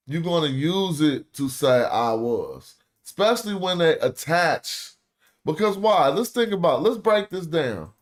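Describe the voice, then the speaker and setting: A man's voice: fairly high pitch, expressive, a little slow. A man teaching ancient Egyptian grammar in a loose, slangy way, repeating himself and asking his listeners questions. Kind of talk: casual live lesson.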